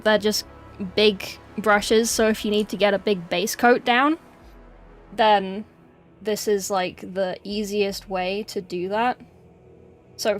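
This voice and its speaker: A woman streaming a casual painting tutorial, chatting loosely about her brushes as she works at her desk. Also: mid-range voice. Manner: rambling, self-chatting while setting up.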